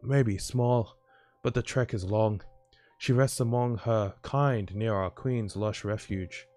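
A man voicing a weary mystical questgiver in a game, speaking quietly with odd formal phrasing and a made-up accent. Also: lowish voice, slow pace, no room sound, soft background music. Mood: pleading.

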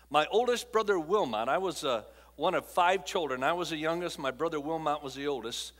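Older man preaching with dramatic swings. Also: a little high. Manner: dramatic storytelling, swings from hushed to loud. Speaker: guest speaker. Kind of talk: emotional testimony sermon. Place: church auditorium. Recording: long hall reverb.

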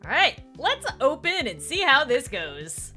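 Bright, animated woman gaming host. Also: high-pitched. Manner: excitable, playful, quick reactions. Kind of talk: let's play commentary. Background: faint game music.

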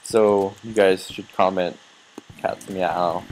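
A man's voice: sits low, level tone, slow, darkish tone, low-quality recording. An eighteen-year-old man giving casual, rambling gameplay commentary, swearing and yelping when startled.

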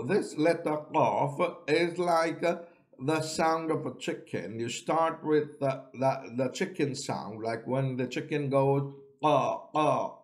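Very slow, deliberate male reading teacher. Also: medium pitch, a little mellow. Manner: drawn-out, deliberate letter sounds with pauses for repetition. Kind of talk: slow pronunciation lesson.

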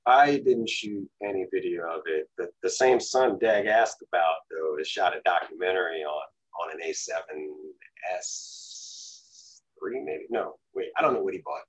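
Husky, lively-voiced photographer on a call. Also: male voice, sits low, moderate pace, low-quality recording. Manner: easygoing, asks curious questions. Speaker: photographer guest. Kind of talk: casual conversation over a video call.

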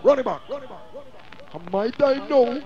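Shouting Jamaican sound clash MC. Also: male voice, very high voice, a little slow. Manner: shouting, half-singing patois toasts. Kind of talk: hyped live MC chat and toasting. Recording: dull lo-fi live recording over loud music. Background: very loud dancehall music.

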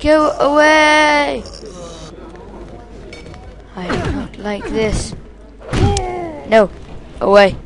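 A woman's voice: high voice, expressive, drawn-out words, long pauses, crowd noise. A woman giving loose gameplay commentary, mocking the characters with frequent laughter and sudden outbursts. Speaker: let's play gamer.

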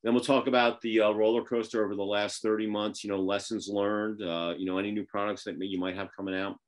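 A male host from the Northeastern United States chats over a video call, loose and folksy, with lots of fillers. His voice sits somewhat low. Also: little pitch movement, fast talker. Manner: rambling, filler-heavy, folksy. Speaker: podcast host. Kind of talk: casual video call interview.

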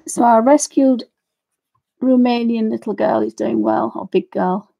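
Chatty woman with a mellow voice. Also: a little high, fairly even intonation, a little slow, creaky, highs cut off. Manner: rambling, apologetic, ranting asides. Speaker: craft tutorial host. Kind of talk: chatty tutorial while colouring.

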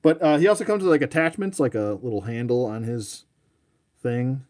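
A man's voice: medium pitch, sing-song, moderate pace, darkish tone. A man hosting a live toy showcase, chatting casually in a rambling, self-mocking way and talking to his dog. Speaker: toy collector host.

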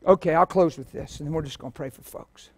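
An animated male preacher delivering a sermon in a church. His voice sits high for a man, and he tells stories with swings from quiet asides to loud bursts. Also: fast talker.

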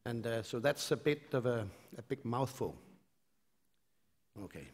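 A man's voice: mid-range voice, animated, measured pace. A man from Denmark with a Danish accent giving a conference lecture, hesitant with many fillers and restarts, with a light self-mocking humor. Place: lecture hall. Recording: reverberant lecture hall.

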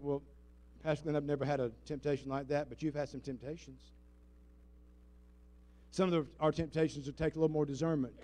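A male pastor with a fairly high voice, preaching with lively, dramatic swings in loudness. He calls out to the congregation and draws it into call-and-response, moving from booming lines to soft, close asides. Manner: dramatic swings in loudness, shifting between emphatic and hushed. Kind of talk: sermon. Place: church sanctuary before a congregation.

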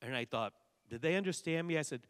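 A man preaching a testimony sermon in a church, telling stories with lively bursts of exclamation. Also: on the high side, fast, clean tone, no echo, studio quality, long reverb tail. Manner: animated storytelling preacher, bursts of loud exclamation. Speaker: pastor. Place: church sanctuary.

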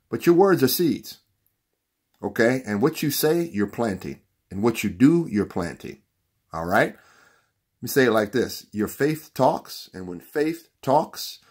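A bookstore owner who also hosts a show delivers a motivational Bible lesson in a preachy style, repeating key lines for emphasis. His lowish, husky voice rises to loud, emphatic peaks.

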